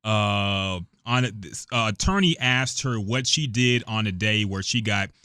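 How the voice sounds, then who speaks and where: A man co-hosting a casual sports podcast, relaxed as he reads out a gossip story. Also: fairly low pitch, unhurried, clear, resonant tone, no echo, studio quality. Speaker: podcast co-host.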